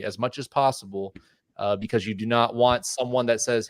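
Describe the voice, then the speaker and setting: Fast and steady, a fairly low-pitched man co-hosts a podcast, issuing passionate warnings that ramble and lean heavily on fillers. The casual chat has a dry, studio-quality recording.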